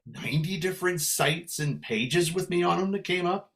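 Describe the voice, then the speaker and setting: An older man from San Francisco, a veteran musician, telling lively stories in an interview and slipping into voices. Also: sits high, moderate pace. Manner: animated storyteller who slips into Irish brogue for quoted voices. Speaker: guest musician. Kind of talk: storytelling in a podcast interview.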